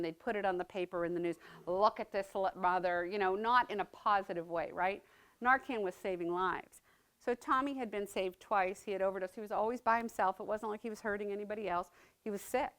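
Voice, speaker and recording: A woman's voice: mid-range voice, clear, resonant tone. A middle-aged woman giving a personal testimony talk, conversational and earnest, often checking in with the audience by asking "right?". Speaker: speaker sharing her story as a mother.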